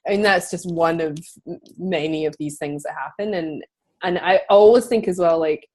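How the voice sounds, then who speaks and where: Chatty lower-voiced woman host. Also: normal speed, a little mellow. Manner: chatty storytelling with frequent fillers and laughs. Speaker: podcast host interviewing a guest. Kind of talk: casual conversational interview.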